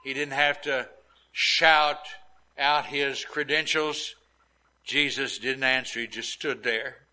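A man's voice: medium pitch, fairly even intonation, slow, sharp tone, poor audio. A man preaching a sermon who retells scripture emphatically and acts out the quotes. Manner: dramatic, emphatic storytelling with acted quotes.

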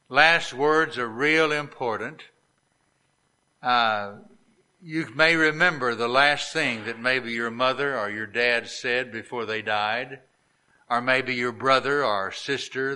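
A middle-aged man, a pastor, preaching a sermon and telling stories in an earnest, deliberate cadence. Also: medium pitch, sharp tone, clean tone. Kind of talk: sermon storytelling.

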